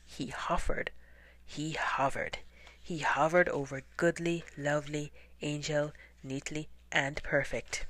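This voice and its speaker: Slow, soft-spoken woman reading a storybook. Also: low-pitched, level tone. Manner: soft, often half-whispered, unhurried. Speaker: storybook reader. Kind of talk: children's story read-aloud.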